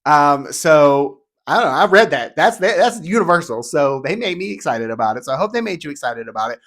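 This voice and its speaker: Male vlogger, upbeat and chatty, fairly high-pitched, rapid-fire delivery. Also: animated, a bit bright. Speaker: theme park vlogger. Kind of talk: casual solo video talk, reading descriptions aloud.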